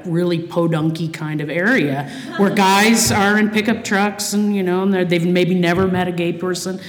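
Candid, profane speaker in an echoey hall. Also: female voice, on the low side. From Ohio, Cleveland area. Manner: candid and profane, with frequent fillers and restarts. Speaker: speaker at a recovery meeting. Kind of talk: personal testimony from a podium. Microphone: podium microphone.

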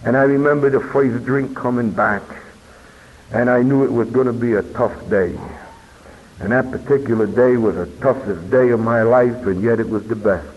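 A man telling his personal recovery story as a meeting speaker, earnest and unhurried, with emphatic pauses. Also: mid-range voice, a little hiss or hum. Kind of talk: personal testimony talk. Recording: dull lo-fi recording with long hall reverb.

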